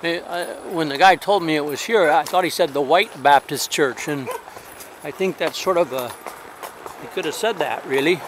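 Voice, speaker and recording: Fairly high-voiced man, wry outdoor travel diary. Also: normal speed, background noise. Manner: rambling, hesitant, wry and critical. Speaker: traveler on horseback, vlogger. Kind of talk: casual spoken travel diary. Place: outdoors in a town, with a horse.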